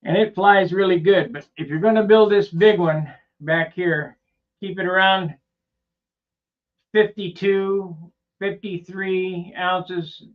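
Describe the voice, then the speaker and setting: A man with a slightly high voice rambles through a casual workshop vlog, plainspoken and full of loose asides. The recording sounds dull and lo-fi, with the top end rolled off. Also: steady tone, takes it slowly. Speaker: model airplane builder and channel host.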